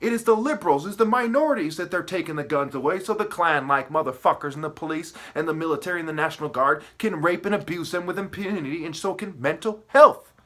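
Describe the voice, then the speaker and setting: A man delivers a heated, rambling monologue straight to his viewers. His voice is bright and sits a little high, and he keeps breaking off with "okay?" and "right?" as he jumps from one charge to the next. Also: animated, fast. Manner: agitated, profane, jumps between wordplay and accusations. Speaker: video commentator. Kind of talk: ranting monologue to camera.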